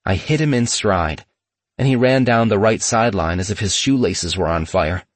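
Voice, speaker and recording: A man narrating a memoir in a steady, measured storytelling manner. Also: on the low side, no room sound.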